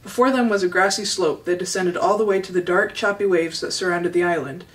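A woman reads a children's chapter book aloud in a steady, gentle storytelling voice. She sits a little back from the microphone, so the sound has some distance. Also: on the low side, brisk. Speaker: storybook reader. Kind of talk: reading a children's novel aloud.

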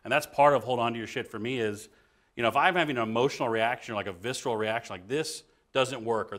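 A young man, a creative professional, talking casually about his process and acting out quick quoted exchanges. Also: mid-range voice. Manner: animated, acts out little quoted scenes. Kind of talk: casual explanatory talk.

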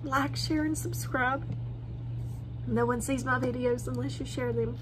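A woman's voice: sits high, fairly even intonation, a little slow, noisy background. A woman hosting a morning devotional, reading scripture and speaking about faith in an earnest, heartfelt way from home. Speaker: devotional host.

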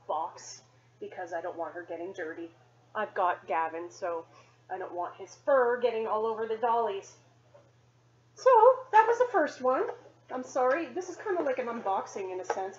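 A woman's voice: mid-range voice, big pitch swings, moderate pace, muffled recording, slight background noise. A woman doing a casual show-and-tell vlog at home, chatty, rambling and self-deprecating. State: sweaty after cleaning. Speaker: doll-collecting vlogger. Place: home condo.

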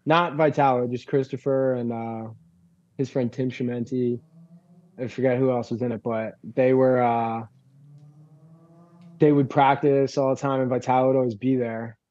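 A man's voice: mid-range voice, little pitch movement, moderate pace, mellow, highs cut off. A man from Long Island, a band frontman as a guest, telling rambling stories in a casual chat, full of fillers and swearing. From Long Island, New York. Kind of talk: casual podcast conversation.

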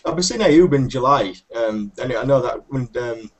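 A man's voice: medium pitch, expressive, moderate pace, a loud crowd. A man with a Yorkshire accent chatting in a casual group video call, tired and hesitant, often restarting his sentences. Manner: self-deprecating, hesitant with repeated starts. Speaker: hangout guest. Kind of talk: casual chat.

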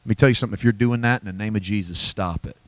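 A pastor delivers a Bible study sermon in an emphatic, folksy way, poking fun at himself between points. His voice swings from quiet low asides up to high, excited exclamations. The sound is dry and close, with little room echo. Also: rapid-fire. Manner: folksy, self-deprecating humor. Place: church.

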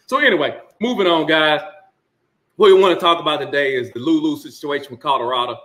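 A man's voice: fairly high pitch, big pitch swings, quick pace, fairly bright tone. A man hosting a casual sports talk rant, emphatic and sarcastic with laughing asides. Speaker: sports commentary host.

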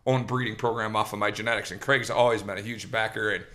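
Talking fast in a lowish voice, this male podcast host spins a lengthy, meandering tale in a lively, relaxed style full of restarts and quoted dialogue.

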